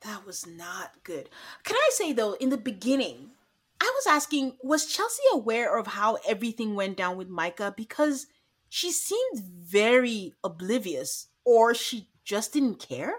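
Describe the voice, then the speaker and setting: A woman's voice: on the high side, measured pace, husky. A woman co-hosting a podcast, chatting casually and acting out lines from a reality show. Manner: animated, acts out quotes from the show. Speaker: podcast co-host. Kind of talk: casual recap chat.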